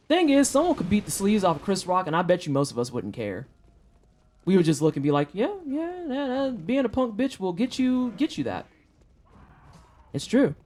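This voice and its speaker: Mid-pitched and a bit mellow, this voice belongs to a St. Louis streamer in their 30s. They chat with viewers mid-game in loose, slangy, profane banter full of jokes and trash talk.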